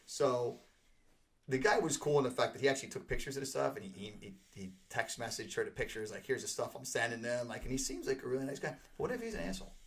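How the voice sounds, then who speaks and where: A man's voice: mid-range voice, lively intonation, quick pace, a bit bright. A man in his forties hosting a casual chat, talking in a rambling, profane way. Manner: rambling, profane, fan enthusiasm. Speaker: host.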